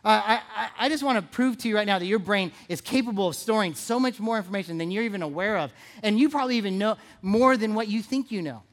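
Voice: mid-range voice, fast, few pauses. Conversational, playful preacher in church. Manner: conversational, playful, asks the audience questions; repeats phrases for emphasis. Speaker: pastor. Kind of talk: sermon.

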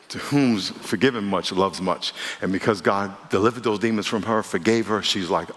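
A man preaching a sermon as pastor, lively and emphatic, moving from loud declarations to quiet asides. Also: on the low side, moderate pace, hardly any pauses. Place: church sanctuary. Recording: reverberant church hall.

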